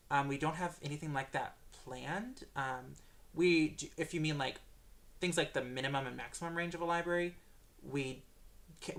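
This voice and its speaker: A man's voice: a little high, a bit bright. A man answering viewer questions on a livestream Q&A, hesitant and full of filler sounds.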